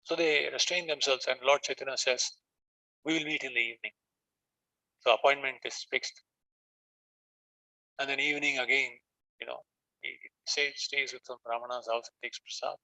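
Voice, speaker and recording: A man's voice: medium pitch, fairly even intonation, moderate pace, pauses often, pushed and bright, dry recording, rough recording. A man with an Indian accent giving a scripture class, retelling the story with animation and reciting Sanskrit verses. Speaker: spiritual teacher.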